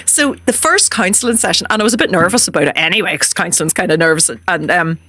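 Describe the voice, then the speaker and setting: A woman, hosting a podcast and telling comic stories in a casual, animated way. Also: on the low side, quick pace, no echo, studio quality. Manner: animated, laughs through her stories. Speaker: podcast host.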